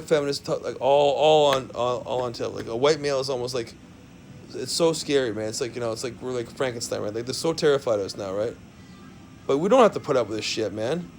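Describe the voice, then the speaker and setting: A man's voice: on the high side, slight background noise. A man ranting into the camera, rambling and profane, forever tacking "man" and "right" onto his sentences. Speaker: vlogger. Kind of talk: profane rant.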